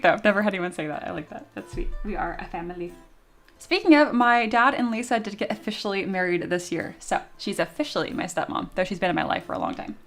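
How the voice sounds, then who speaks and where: A young woman, a streamer and 3D sculptor, chats loosely with her viewers over her desk mic in a casual live stream. Her voice is medium-pitched; she's giggly, mocks herself and swears freely, with soft music playing faintly underneath.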